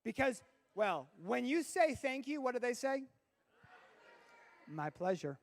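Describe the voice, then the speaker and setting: A man preaching to teenagers as a youth pastor, telling a long comic story and bursting into shouts for effect. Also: extremely high pitch, very animated, slow pace, gravelly.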